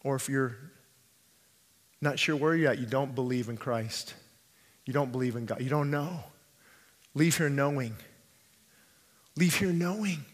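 A male pastor preaching a sermon, swinging between hushed pleading and fervent shouting and repeating phrases for emphasis. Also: medium pitch, unhurried, long pauses, long reverb tail. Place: church sanctuary.

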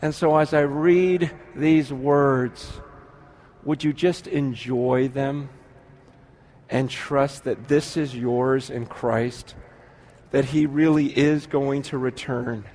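A man preaching a sermon, swinging from hushed, intimate talk to loud, impassioned declarations, and reading scripture slowly with rising intensity. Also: medium pitch, fairly even intonation, slight background noise.

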